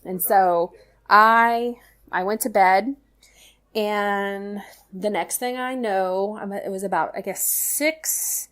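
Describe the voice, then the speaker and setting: A middle-aged woman tells a personal story in casual chat, animated and full of "you know" fillers. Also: medium pitch, takes it slowly. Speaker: guest storyteller, mother.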